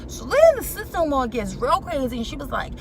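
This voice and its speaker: A woman's voice: sits high, brisk. A young woman giving an opinionated, colloquial recap of a reality show episode in a casual vlog. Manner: opinionated, sassy, colloquial, animated. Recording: clear background noise, vehicle sounds.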